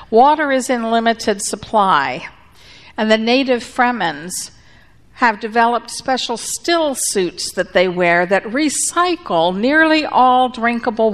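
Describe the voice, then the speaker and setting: A woman pastor giving a sermon in a deliberate, conversational way. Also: medium pitch, a bit bright, big-room sound.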